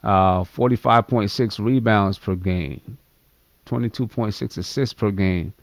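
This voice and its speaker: A man with a fairly low voice hosts a live postgame fan stream, talking straight to his viewers in an easy, chatty way. He is picked up close on a dry computer mic with no room sound. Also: unhurried, no room sound. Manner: chatty, addresses viewers directly. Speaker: fan livestream host. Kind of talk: live postgame basketball talk.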